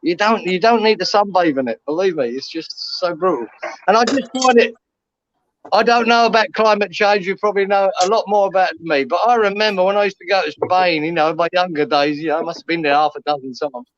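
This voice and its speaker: A man's voice: high voice, quick pace, no echo, dull audio. A middle-aged man from England chatting casually on a video call, calling everyone mate. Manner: chatty, says mate a lot. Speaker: West Ham fan chatting on a channel call. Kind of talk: casual chat.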